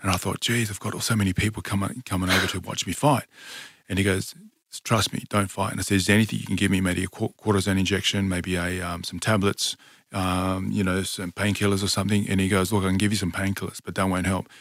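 Earnest man with a low voice. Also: level tone, fast talker, fairly bright tone, no room sound, studio quality. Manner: earnest, many fillers and restarts. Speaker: podcast guest, fighter. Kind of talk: casual storytelling.

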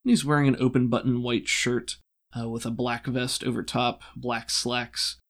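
A man working as game master, narrating a tabletop role-playing game in a relaxed, descriptive way with frequent fillers. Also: mid-range voice, moderate pace.

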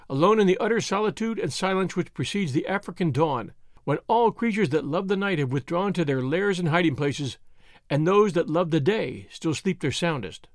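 Measured man narrating an old novel. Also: on the high side, dry recording, studio quality. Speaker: audiobook narrator. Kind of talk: scripted narration.

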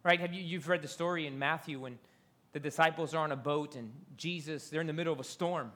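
A man's voice: a little high, fast talker, a bit bright. A man preaching a fervent sermon, repeating phrases and dropping to whispers for emphasis. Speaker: pastor.

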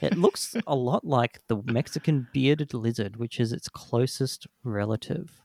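A man's voice: mid-range voice, unhurried, vocal fry, darkish tone. A man co-hosting a comedy podcast, easygoing and self-deprecating. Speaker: podcast co-host. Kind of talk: casual comedy chat.

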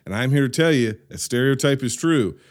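A man's voice: medium pitch, animated, fairly quick. An American man hosting a podcast, joking in playful mock-clueless banter with his guest. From United States. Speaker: podcast host. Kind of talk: casual chat.

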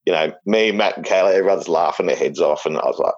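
A man's voice: low-pitched, fast, highs cut off. A middle-aged man with an Australian accent, casually telling a jokey, rambling story as an interview guest, full of fillers and restarts.

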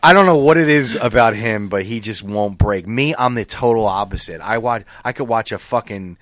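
A man's voice: on the low side, normal speed, fairly bright tone, no room sound, clean studio sound. A middle-aged man hosting a podcast in casual chat, profane and rambling with many restarts. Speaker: podcast host.

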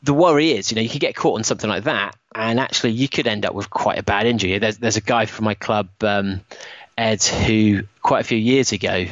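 A man hosting a podcast, telling a running story in a casual, animated way. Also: on the low side, a little fast, no room sound, lo-fi sound. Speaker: podcast host. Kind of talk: casual chat.

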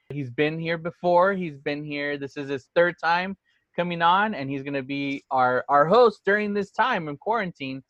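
A man's voice: a little high, a bit bright, dry recording, lo-fi sound. A man hosting a casual podcast, chatting and laughing often with his guest. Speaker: podcast host.

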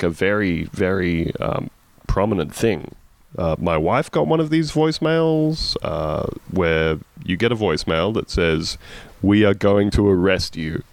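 Low-voiced man hosting, wry and animated. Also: gravelly, no room sound. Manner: wry, tired, deadpan joking. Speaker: podcast host. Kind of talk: casual comedic podcast chat.

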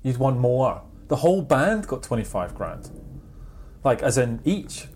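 Guy hosting a podcast, middle pitch, moves topics along and reads stuff out. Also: very animated, darkish tone, a little hiss or hum. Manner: leads topics, reads quotes aloud, quick reactions. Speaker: podcast host. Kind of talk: casual podcast chat.

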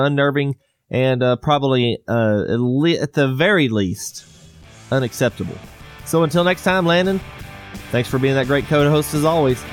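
A man's voice: fairly high pitch, no echo, studio quality. Laid-back rambling man. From Southwest US. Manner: rambling storyteller, laughs often. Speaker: podcast host. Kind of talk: casual chat.

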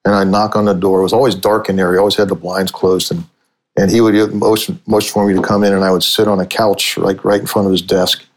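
A middle-aged man, a sportswriter and author, telling long anecdotes in a relaxed conversational way, restarting his sentences often. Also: fairly low pitch, creaky, poor audio. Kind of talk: conversational storytelling.

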